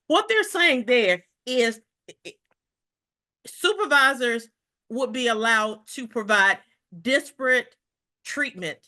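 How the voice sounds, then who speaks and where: A middle-aged woman leading a live discussion as the president of a federal employee group, talking fast and excitedly and tripping over repeated words. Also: a little high. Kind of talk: live online discussion briefing.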